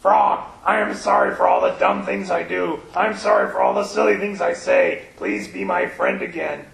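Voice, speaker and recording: Storybook toad, earnest and anxious, raised loud voice, a man doing it, gravelly and echoey. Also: sits high, fairly even intonation, normal speed, voice pushed up, exaggerated voice. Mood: pleading. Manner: pleading, eager.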